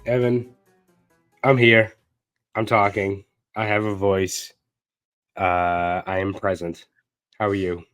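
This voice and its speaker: A man's voice: on the low side, flat delivery, takes it slowly, pauses often, a bit bright, no echo, faint music behind. A man hosting a sports podcast while sick with a sinus infection, sardonic and profane. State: sick, congested voice. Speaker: podcast host. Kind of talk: casual sports podcast chat.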